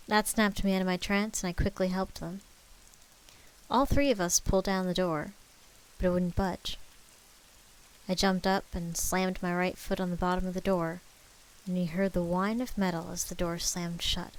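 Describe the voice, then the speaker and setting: A woman's voice: lowish voice, fairly even intonation, moderate pace, rough recording. A woman reading a spooky story aloud on a live stream, narrating in the first person and sometimes stepping out of it to joke about her own character accents.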